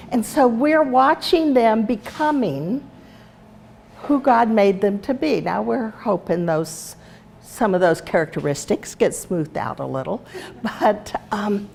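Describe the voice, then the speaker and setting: A woman's voice: a little high, animated, measured pace, gravelly, a little hiss or hum. An older woman giving a casual teaching talk, chatting her way through family anecdotes and a children's story. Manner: chatty, anecdotal, warm storyteller with small laughs. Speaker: speaker and teacher.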